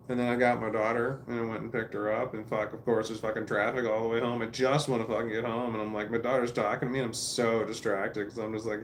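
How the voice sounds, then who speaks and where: A man's voice: medium pitch, steady tone, a little fast, slight background noise. A man telling a rambling family story in a casual, profane monologue, restarting his sentences often.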